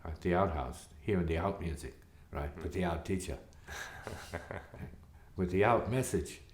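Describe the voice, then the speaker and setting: Speaking at a measured pace in a low voice, a man who teaches spirituality reflects aloud, rhetorical and constantly asking "see?" The echoey recording carries a slight hiss or hum.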